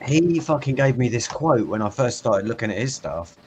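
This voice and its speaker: A man's voice: mid-range voice, big pitch swings, normal speed, darkish tone. A British man chatting on a podcast over a remote call, rambling, swearing often and laughing a lot. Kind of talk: casual conversation. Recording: faint background noise.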